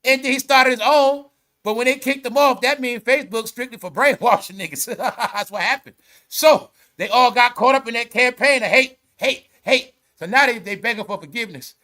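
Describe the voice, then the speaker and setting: A man's voice: extremely high pitch, normal speed, pushed and bright. A man giving casual, profane vlog commentary and breaking into laughter often. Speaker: online commentator.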